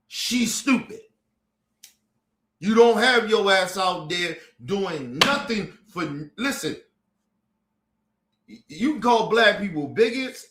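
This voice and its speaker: A man's voice: high-pitched, a bit bright, reverberant. A man from the United States delivering a heated, profane streamed commentary rant, lecturing his listeners. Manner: profane, fiery and emphatic, lecturing the audience.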